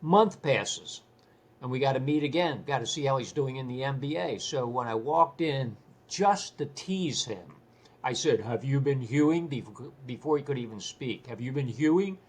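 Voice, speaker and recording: Older male guest, husky, animated storyteller who repeats his words. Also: medium pitch, moderate pace. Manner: animated, repeats words while telling stories. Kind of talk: casual storytelling interview.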